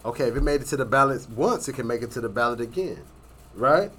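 A man in casual chat, talking in an animated, profane way and mimicking voices when he quotes people. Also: mid-range voice, quick pace, slightly rough.

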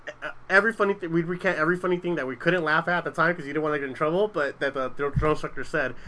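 A man's voice: a little high, fairly even intonation, rapid-fire, pushed and bright, poor audio. A young adult man telling stories in casual chat, rambling and profane, with lots of restarts.

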